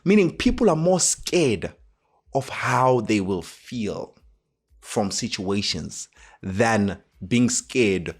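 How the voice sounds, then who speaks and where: A man's voice: slow pace, husky. A man with a South African accent, hosting a motivational talk and telling a personal story, acting out the dialogue with animation. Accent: South African English. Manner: animated, acts out dialogue with rising pitch. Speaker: host.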